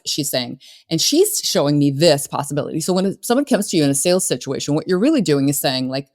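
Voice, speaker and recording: A woman's voice: low voice, very animated, fast, hardly any pauses, a little mellow. A middle-aged woman coaching on sales, talking in an earnest, conversational way with many fillers and restarts. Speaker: business coach. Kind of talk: solo podcast talk.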